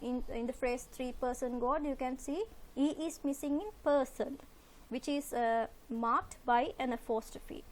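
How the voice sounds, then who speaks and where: A woman's voice: high-pitched, steady tone, unhurried. A woman teaching a literature lesson over slides, working step by step, asking rhetorical questions and repeating key words. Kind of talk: recorded lecture over slides.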